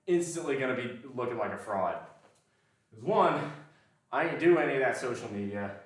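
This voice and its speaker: A man vlogging his workout, counting reps out loud, grunting and swearing between sets in a casual, bantering way. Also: medium pitch, expressive, normal speed, pauses often. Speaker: fitness vlogger. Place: gym. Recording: very echoey, from far off the mic.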